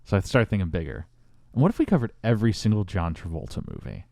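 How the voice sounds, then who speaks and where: A fairly low-voiced man hosting a casual podcast, his pitch swinging widely as he tells a story with mock-epic grandeur. The sound is close and dry, with no room behind him. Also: very animated, fast talker, creaky, mellow, no room sound. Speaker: podcast host.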